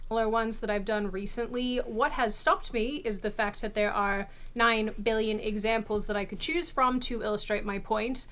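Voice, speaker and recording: A woman from Australia with a high-pitched voice, reading her video script in a dry, deadpan manner. Her delivery stays scripted and even. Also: normal speed, hardly any pauses. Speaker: political video host.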